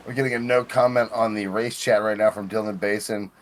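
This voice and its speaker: A man's voice: on the low side, fairly even intonation, a little fast. A man calling play-by-play on a live sim racing broadcast, mixing race calls with wry joking asides.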